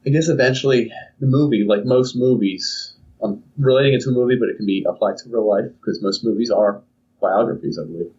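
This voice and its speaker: A man's voice: mid-range voice, fairly quick, a little mellow. A young man co-hosting a casual podcast, rambling through a story and acting out silly voices. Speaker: podcast co-host. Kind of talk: casual chat. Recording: distant, dull lo-fi mic.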